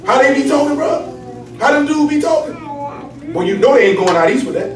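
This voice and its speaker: Fast, high-voiced man preaching. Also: roomy sound, distant mic. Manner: animated, streetwise, keeps asking "you know what I'm saying". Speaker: Bible study teacher. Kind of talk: casual preaching to a small group.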